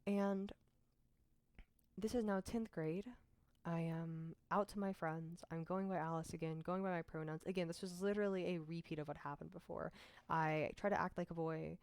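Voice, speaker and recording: A woman's voice: lowish voice, steady tone, moderate pace, darkish tone, clean tone, no echo. A young woman from Mississippi telling her personal story to camera in a candid, frank, conversational way, with self-deprecating asides. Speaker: vlogger.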